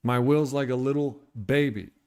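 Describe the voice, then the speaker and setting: Smooth-voiced man venting on a stream. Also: medium pitch, steady tone, moderate pace, a little mellow. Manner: blunt, profane, venting. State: irritated. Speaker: recovery streamer. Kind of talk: candid livestream monologue.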